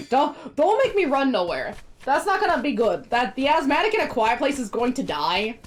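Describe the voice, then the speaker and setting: A woman's voice: sits high, very animated, normal speed. A woman streaming a video game, chatting casually in a rambling way and laughing often. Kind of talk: casual chat while gaming.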